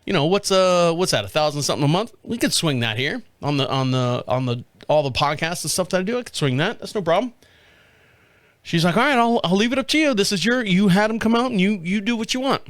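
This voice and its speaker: A middle-aged man hosting a podcast, telling a story in casual chat, animated, acting out the voices of the people in it and laughing often. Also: high-pitched, quick pace, no room sound. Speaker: podcast host.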